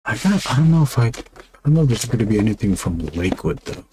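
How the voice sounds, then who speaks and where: A man's voice: medium pitch, sing-song, fast, dark tone, slight background noise. A man, an illustrator, chatting casually and meandering while he draws on a stream. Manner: meandering, lots of fillers and restarts. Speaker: illustrator streaming his drawing. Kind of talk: casual rambling chat.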